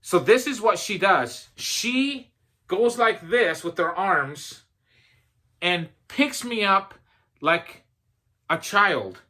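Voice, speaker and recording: A man's voice: high voice, animated, slow, pushed and bright. A man giving a motivational talk, telling a personal story in a conversational way with self-deprecating humor and frequent fillers. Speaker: motivational speaker.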